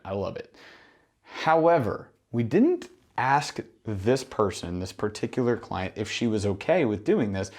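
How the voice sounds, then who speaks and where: A man coaching gym owners in a monologue, emphatic and full of rhetorical questions and acted-out exchanges. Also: medium pitch. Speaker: business mentor for gym owners. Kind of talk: instructional monologue.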